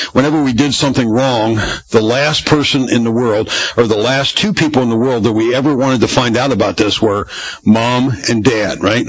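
A man's voice: medium pitch, breathy edge, no echo, dull audio. A man preaching a sermon in a church, talking conversationally to his congregation and often restarting phrases. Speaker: pastor.

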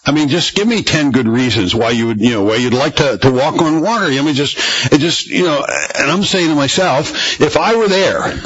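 Male pastor, chatty sermon full of rhetorical questions, husky voice, dull lo-fi church recording. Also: on the high side, expressive, normal speed, fairly bright tone. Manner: conversational, rambling with rhetorical questions.

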